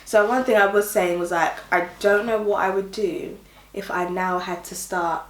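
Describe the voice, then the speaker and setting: A woman's voice: mid-range voice, steady tone, moderate pace. A young woman in her twenties co-hosting a casual couple vlog, chatty and giggly as she reads out comments. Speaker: vlog co-host. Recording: echoey room with faint noise.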